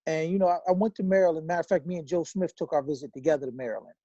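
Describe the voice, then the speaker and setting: A man who is a guest in a casual interview, recounting his past quickly and listing names as he goes. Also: fairly high pitch, mellow, no echo. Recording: dull, dry lo-fi sound.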